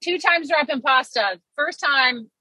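A woman's voice: high-pitched, measured pace, pushed and bright, no room sound, low-quality recording. A woman in her forties co-hosting a podcast, chatting in a teasing, storytelling way. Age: 40s. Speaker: podcast co-host. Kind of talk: casual chat. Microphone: podcast microphone.

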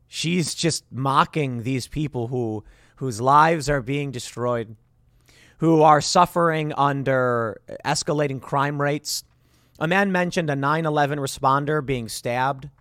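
A man's voice: on the high side, a bit bright, no room sound, clean studio sound. Sarcastic man doing clip commentary. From Chicago. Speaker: political commentary host. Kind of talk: reacting to news clips.

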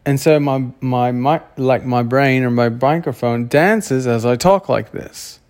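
A man speaks at an unhurried, drawn-out pace in a loose, casual monologue. He wanders through his thoughts, breaks off mid-sentence and gropes for words before carrying on. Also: medium pitch, a little mellow. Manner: rambling, searching for words, self-interrupting. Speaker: vlogger.

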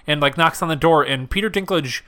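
A man's voice: on the high side, fairly quick, bright, forceful tone. A man co-hosting a casual podcast, recapping movie scenes with wry remarks. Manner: wry, recaps plot step by step. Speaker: podcast co-host. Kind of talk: casual movie review chat.

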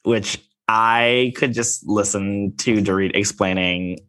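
Man, low pitch, lively, bright tone, gushing, casual podcast chat, dry sound. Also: slow, dry recording. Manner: animated, gushing. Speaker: podcast co-host.

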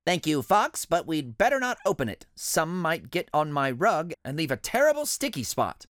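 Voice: medium pitch, very animated, moderate pace, a bit bright, dry recording, clean studio sound. A storybook reader voicing a fussy, house-proud male rabbit who scolds his guests. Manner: scolding, anxious about his rug. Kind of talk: storybook read-aloud.

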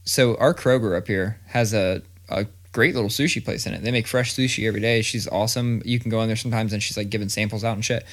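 A man's voice: on the low side, quick pace, hardly any pauses. A man in his thirties telling a story in casual chat, swearing freely and acting out the quotes. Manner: profane, animated storytelling with acted-out quotes.

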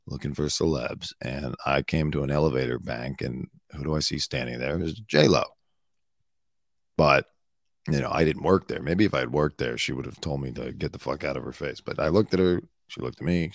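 A hoarse man holds forth bluntly, his voice low and gravelly from the strain, swearing and going off on tangents as he comments on the news. The sound is close and dry with no room around it. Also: no echo. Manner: blunt, swearing, rambling asides. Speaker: show host and former celebrity news producer. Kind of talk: casual comedic commentary.

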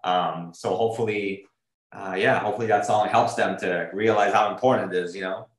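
A man's voice: on the low side, fairly even intonation, fairly quick, echoey room, rough recording. A man in an interview, talking earnestly and rambling, with many fillers and restarts as he searches for words. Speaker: drummer being interviewed. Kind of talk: casual interview talk.

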